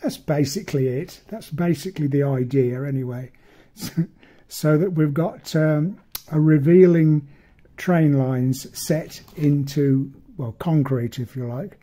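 A man's voice: on the high side, a little slow, dark tone. A man giving a casual hands-on model-making tutorial, rambling and self-deprecating as he works.

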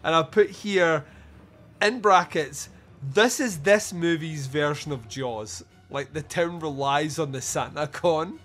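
A man's voice: fairly high pitch, slow, fairly bright tone. Chuckling, foul-mouthed male podcast host. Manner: profane, chuckling, rambling storyteller. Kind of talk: casual film review chat.

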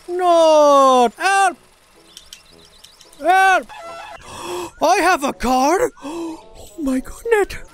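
A person giving comedic gameplay commentary in an excitable way, gasping and exclaiming often. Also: very high voice.

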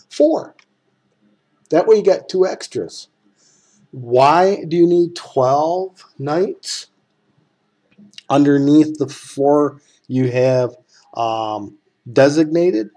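A man's voice: medium pitch, warm tone, husky. A man with a folksy, rambling way of talking, who speaks straight to the viewer as he walks through a computer game. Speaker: game tutorial maker. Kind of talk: casual screen-recorded game tutorial.

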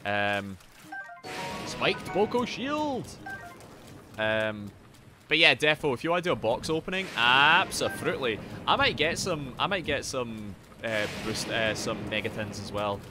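A man doing live gameplay commentary as a streamer, swearing and yelling at the game as he chats. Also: on the low side, normal speed, over music. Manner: sweary, excitable, yells at the game.

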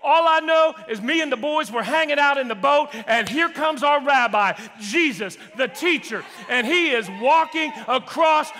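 A preacher as excited disciple Matthew. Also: male voice, extremely high pitch, normal speed, few pauses, long reverb tail, heavily acted. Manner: animated, casual storytelling.

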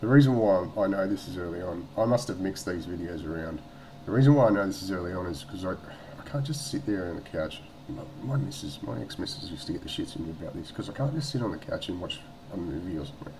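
A man's voice: low-pitched, animated, fast talker, noisy background. A man with an Australian accent talking casually to camera, blunt and rambling, swearing freely. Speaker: vlogger.

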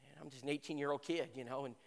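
A man teaching a church Bible lesson through an animated personal story, acting out voices and stammering over repeated words. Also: medium pitch, very fast, creaky. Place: church hall. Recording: long hall reverb.

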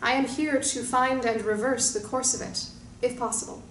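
A woman voicing a calm, fearless male droid captain who speaks in a formal, composed way. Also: a little high, normal speed, lightly acted. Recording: roomy distant mic with faint hiss.

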